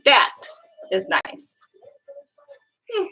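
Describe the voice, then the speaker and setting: A woman's voice: extremely slow, sharp tone, rough recording. An older grandmother chatting casually while she crafts, musing aloud with little hums as she works at a home table.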